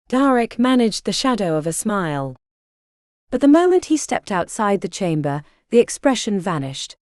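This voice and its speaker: An audiobook narrator, a woman, reads a romance novel with expressive, dramatic delivery at normal speed. Her mellow voice rises and falls in a lively way, recorded dry and close with no room sound.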